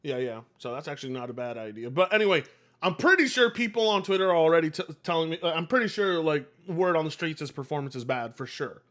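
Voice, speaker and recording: A man's voice: on the high side, expressive, fast talker, a bit bright. A man hosting a live game stream, chatting casually with viewers in a rambling way, swearing and laughing easily. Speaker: livestream host.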